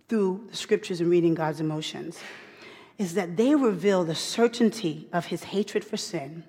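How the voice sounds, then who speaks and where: A woman delivers a sermon with emphatic repetition, dropping from loud, pointed questions to near-whispered asides. Her voice is a little husky. A long reverb from a large hall trails each phrase. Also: lowish voice. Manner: emphatic, repeats key phrases, swings from loud to hushed. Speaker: women's Bible teacher.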